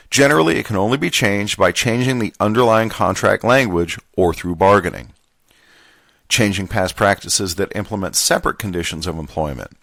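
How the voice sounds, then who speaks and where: A man reading a contract manual aloud in a put-on Southern gentleman voice, measured and formal. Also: lowish voice, creaky, dry recording, full character voice. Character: genteel Southern gentleman reading legal text.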